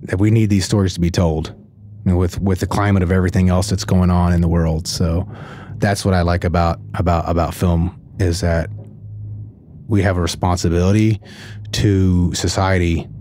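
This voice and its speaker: A man from Kentucky, an actor guest on a podcast, speaking earnestly and with measured care. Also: deep voice, little pitch movement, mellow, a little hiss or hum. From Louisville, Kentucky. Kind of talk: podcast interview.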